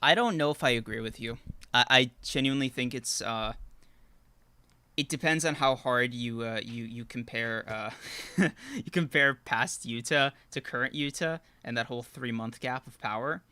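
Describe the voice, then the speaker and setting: A man's voice: mid-range voice, moderate pace, bright, forceful tone, smooth, no room sound. A man co-hosting a casual anime podcast stream, laying out his argument step by step and laughing easily. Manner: argumentative, laughs often, hedging fillers. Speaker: podcast co-host.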